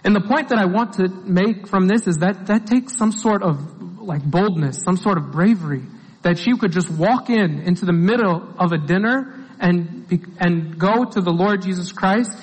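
A man with a high voice delivers a relaxed, conversational sermon. He retells the story simply and repeats his main points for emphasis. His words ring out with a long church reverb. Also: normal speed, husky. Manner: plain storytelling, repeats key phrases for emphasis. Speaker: preacher.

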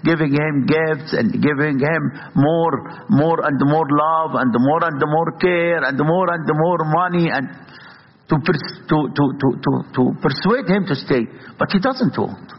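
A man with an Egyptian accent and Arabic as his first language, a priest preaching a sermon with passion and piling up rhetorical questions in a husky voice. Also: fairly high pitch, a little slow. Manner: impassioned, many rhetorical questions. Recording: dull, echoey hall.

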